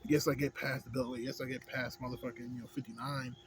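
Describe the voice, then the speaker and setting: A man's voice: mid-range voice, little pitch movement, fast, slight background noise. A man, ranting in a vlog, rambling and swearing heavily, asking "you know what I'm saying" again and again. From Houston, Texas. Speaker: vlogger. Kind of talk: profane ranting monologue.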